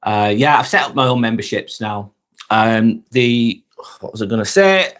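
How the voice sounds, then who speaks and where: A man's voice: on the low side, animated, normal speed, fairly bright tone. A man with a Lancashire accent hosting a casual live stream, chatting with viewers, thanking them by name and calling people "mate". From Northwest England. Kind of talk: casual live-stream chat reading comments.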